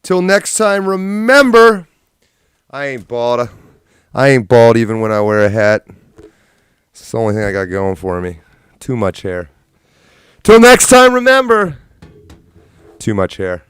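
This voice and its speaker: A man putting on a squeaky, high, sing-song voice to mock himself while signing off a livestream. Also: very animated, unhurried, pauses often, fairly bright tone, clean tone, dry recording, clean studio sound. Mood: goofy.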